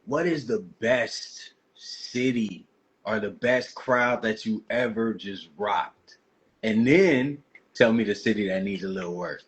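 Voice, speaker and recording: Relaxed man hosting an interview. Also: lowish voice, slow, slightly rough, rough recording. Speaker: podcast host. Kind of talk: casual interview chat.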